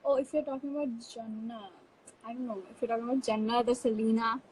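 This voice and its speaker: A woman's voice: fairly high pitch, fairly even intonation, fast talker, a little mellow, slight background noise, rough recording. A woman hosting a casual live stream, chatty and upbeat, reading fan comments aloud into a phone.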